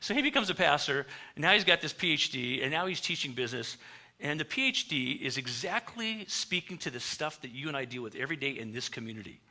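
Middle-aged guy preaching, super bright tone, tells stories and acts out the quotes. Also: fairly high pitch, fast talker. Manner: animated, acts out quoted dialogue. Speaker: pastor. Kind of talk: storytelling sermon.

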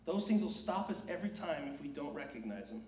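A man's voice: on the high side, animated, fairly quick, darkish tone. A man preaching a sermon in a church, earnest and emphatic, asking many rhetorical questions. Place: church sanctuary. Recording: echoey church hall, distant mic.

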